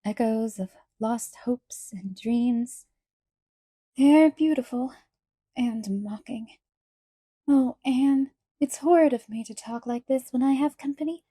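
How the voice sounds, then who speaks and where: Woman doing a wistful whimsical lady, dramatic sighing delivery, high voice, mellow dark tone, storybook reading. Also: slow, no echo, studio quality. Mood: weary.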